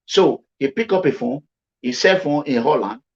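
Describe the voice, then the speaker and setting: A man's voice: expressive, moderate pace. A man from Edo State with a Nigerian accent, giving emphatic commentary and repeating himself for stress. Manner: repetitive, emphatic, swings between low and high pitch. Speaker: commentary vlogger. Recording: dull lo-fi sound.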